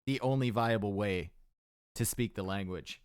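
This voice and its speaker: A man's voice: on the low side, normal speed, smooth, dry recording, studio quality. A man with a Canadian accent giving upbeat, chatty live commentary on a strategy game match and answering his chat. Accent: Canadian English. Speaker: game caster.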